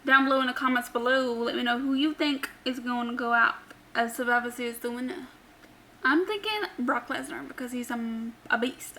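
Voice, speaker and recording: A woman's voice: a little high, normal speed, bright, forceful tone, slight background noise, low-quality recording. A woman casually recapping a wrestling episode for her channel, chatty, with many ums and offhand opinions. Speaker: wrestling show recap host.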